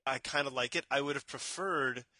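Man, podcast co-host, bright clear tone, dry sound, animated, stumbling over words. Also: medium pitch, moderate pace, dry recording. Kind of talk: casual chat.

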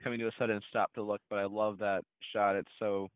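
A man's voice: lowish voice, level tone, quick pace, smooth, dry recording. A man co-hosting a casual chat, rambling a little, with many fillers and short laughs. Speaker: podcast co-host. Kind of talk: casual chat about a film trailer. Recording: dry, tinny phone-like sound.

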